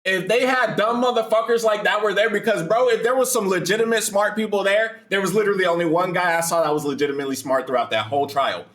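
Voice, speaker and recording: A man hosting a reaction video, talking in excitable, profane, laughing banter. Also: sits high, fast, hardly any pauses, echoey room. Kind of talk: casual reaction commentary.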